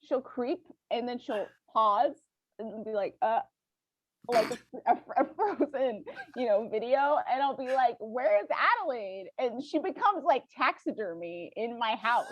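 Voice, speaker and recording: A woman guest on a podcast, telling stories in a lively, casual way and acting out little voices. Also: a little high, measured pace, dry recording, rough recording. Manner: animated, acts out voices and laughs while telling stories. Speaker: podcast guest, band's lead singer. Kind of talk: casual storytelling chat.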